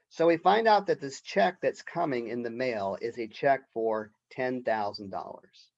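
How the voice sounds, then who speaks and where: A man lecturing a college class in a relaxed, conversational manner, often tagging his points with a quick "right?". His voice sits in a middle pitch. The recording is dull and lo-fi. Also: gravelly. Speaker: college literature professor.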